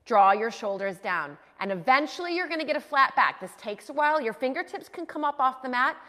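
A bright, cheerful young woman guiding a yoga class with a slightly high voice. She coaches in a chatty, encouraging way. The sound rings out with a long reverb, as in a large open room. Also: lively intonation, fairly quick. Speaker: yoga instructor. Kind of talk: guided yoga class instruction.

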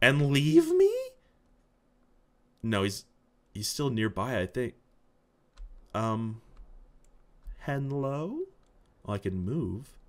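A man giving jokey, excitable commentary while playing a game, swinging from loud outbursts to hushed muttering. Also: lowish voice. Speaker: gaming video creator. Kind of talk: let's play commentary.

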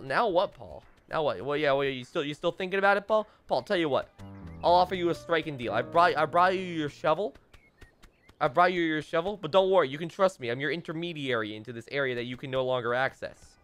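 A man's voice: a little high, lively intonation, a little fast, fairly bright tone, clear, resonant tone, faint music behind. A young man doing playful gameplay commentary as a let's play host, teasing and mock-dramatic, talking straight to the game characters.

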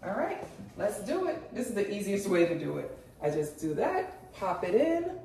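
A woman with a Jamaican accent hosting a casual home cooking vlog, chatty and excitable as she talks to her viewers. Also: medium pitch, moderate pace, slight background noise. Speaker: cooking channel host. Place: home kitchen. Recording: very echoey room, mic far off.

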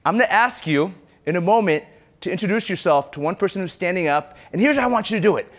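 A middle-aged man from Ethiopia giving a conference keynote speech, energetic and talking straight to the audience. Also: sits high, quick pace. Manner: energetic, engages the audience directly. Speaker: keynote speaker. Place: conference hall.

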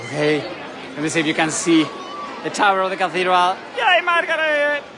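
A man, excitedly narrating a live vlog from a city balcony outdoors. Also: high-pitched, fairly quick. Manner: gushing, excitable, chatty. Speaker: travel vlogger. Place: city balcony outdoors over a parade street. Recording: loud crowd and street noise outdoors. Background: crowd cheering, church bells.

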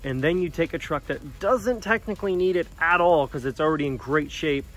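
A man casually talking about his pickup truck, animated and slangy, addressing his viewers directly. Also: a little high, brisk. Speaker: truck vlogger. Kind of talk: casual vlog talk.

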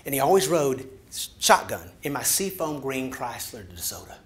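A man's voice: medium pitch, very animated, normal speed, natural voice. A man voicing a big, barrel-chested old storekeeper who spins folksy tall tales. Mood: yarn-spinning.

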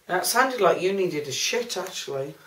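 A woman's voice: on the low side, animated, moderate pace, a bit bright, far from the mic. Lass teasing her mate, bouncy up-and-down voice, echoey room. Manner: teasing, sarcastic banter. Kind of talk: casual chat. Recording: roomy sound from off the mic.

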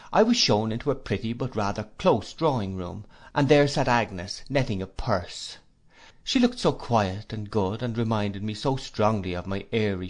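Guy reading a classic novel aloud in first person, low voice, measured and expressive. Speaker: audiobook narrator. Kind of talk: first-person storybook narration.

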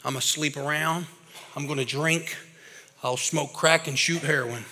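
A man preaching a lively, casual sermon to a live audience, talking like a regular guy and calling people bro and man. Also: fairly high pitch, normal speed, breathy edge. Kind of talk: energetic recovery-ministry sermon. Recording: reverberant hall.

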